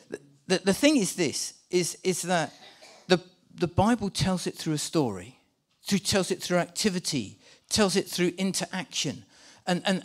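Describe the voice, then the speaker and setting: Brief: male preacher, a touch high in pitch, lively and stumbling over his words, leading a church re-enactment. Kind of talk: sermon with live volunteer re-enactment. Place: church with a live congregation.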